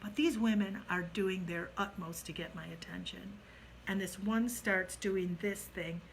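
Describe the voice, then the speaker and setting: A middle-aged woman telling a personal ghost story in a casual, animated way, dropping to a hush at the eerie parts. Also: medium pitch, a little slow, vocal fry, a little hiss or hum, rough recording.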